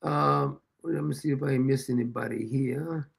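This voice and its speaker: A man's voice: mid-range voice, steady tone, moderate pace, vocal fry, husky. A man hosting a livestream, talking in a loose, colloquial way and chuckling often. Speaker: host. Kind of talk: livestream commentary.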